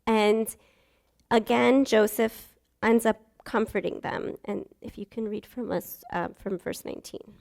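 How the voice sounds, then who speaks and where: A woman's voice: a little high, fairly even intonation, a little slow, creaky, darkish tone. Earnest young woman giving a chatty sermon. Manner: chatty, earnest, acts out voices of Bible figures. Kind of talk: casual sermon talk.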